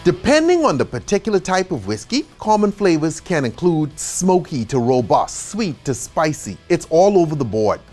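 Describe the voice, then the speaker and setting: A man giving an instructional bartending lesson, chatty and animated, who often checks in with a quick "okay?" and adds joking asides. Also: fairly high pitch, faint music behind. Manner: casual and chatty, with asides and small laughs.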